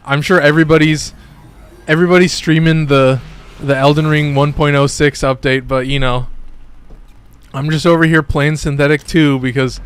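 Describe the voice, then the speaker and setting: Young guy live streaming a game, smooth resonant voice, rambly and hyped, says like a ton, swears here and there. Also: a little high. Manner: excitable, rambling, curses casually, says like a lot. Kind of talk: casual gameplay commentary on a live stream.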